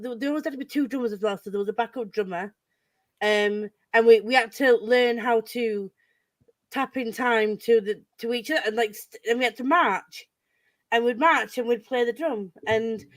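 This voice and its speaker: A woman's voice: a little high, brisk, a bit bright, no room sound. A woman hosting a casual group video chat, giggly and self-mocking, often breaking into laughter. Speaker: host.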